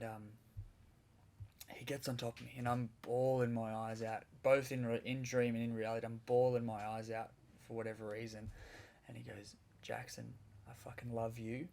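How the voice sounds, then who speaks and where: A man's voice: mid-range voice, a little mellow. A man, a podcast guest, telling a vivid story in casual conversation, rambling a little with restarts.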